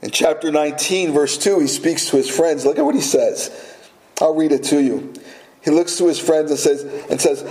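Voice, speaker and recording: A man's voice: on the high side, moderate pace, a little mellow, reverberant, poor audio. A man preaching a sermon as a pastor, earnest and repeating key phrases for emphasis.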